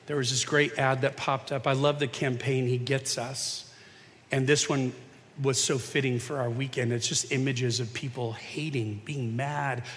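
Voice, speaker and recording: Man preaching in a reverberant hall. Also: medium pitch. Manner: conversational preaching, big swings from hushed to emphatic. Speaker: pastor. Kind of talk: sermon. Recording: long reverb of a large hall.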